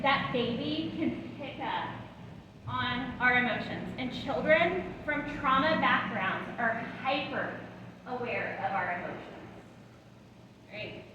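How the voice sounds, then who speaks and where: A woman in her thirties giving a lively parenting training talk to caregivers, often checking in with the room. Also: fairly high pitch, slow pace. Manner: animated, checks in with the audience often. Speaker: parenting educator. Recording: echoey hall, voice from far off, background noise.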